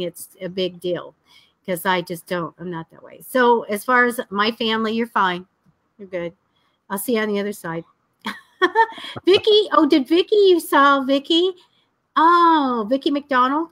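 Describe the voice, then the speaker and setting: A woman's voice: a little high, a little slow, dry recording. Chatty, laughing woman psychic. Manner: chatty and animated, laughs often, blunt. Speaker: psychic co-host. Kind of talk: casual live-stream chat.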